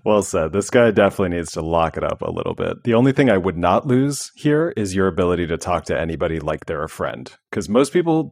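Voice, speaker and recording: A man's voice: sits low, a little mellow, dry recording, clean studio sound. A man co-hosting an advice show, agreeable and easygoing. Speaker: advice podcast co-host. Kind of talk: casual advice chat.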